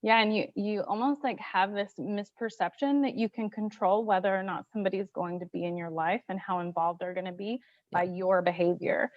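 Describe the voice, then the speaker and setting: A woman's voice: mid-range voice, fairly even intonation, fairly quick, dry recording. Blunt, frank woman host, slightly muffled. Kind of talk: candid interview talk. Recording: dry, slightly muffled lo-fi audio.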